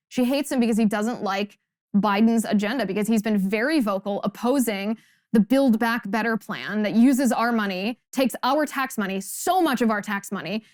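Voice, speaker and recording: A woman's voice: a little high, a little mellow, no echo, studio quality. A woman hosting a political commentary show, delivering an emphatic, sarcastic monologue full of rhetorical questions. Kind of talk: opinionated monologue.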